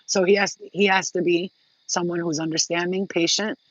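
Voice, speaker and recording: A woman's voice: fairly low pitch, fairly even intonation, normal speed, dry recording. A woman talks straight to her viewers in a loose, unscripted vlog. She is blunt and emphatic and swears freely. The sound is dry and close, and the audio is a little dull and lo-fi. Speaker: vlogger. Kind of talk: casual direct-to-camera talk.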